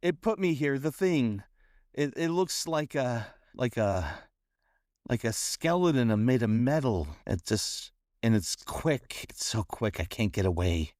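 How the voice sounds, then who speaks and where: A man's voice: medium pitch, expressive, measured pace, a little mellow, no room sound, clean studio sound, close to an everyday voice. A man voicing a frightened, weepy female sylph trapped in a cage, who stammers and pleads. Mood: shaken. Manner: stammering, pleading, repeats herself.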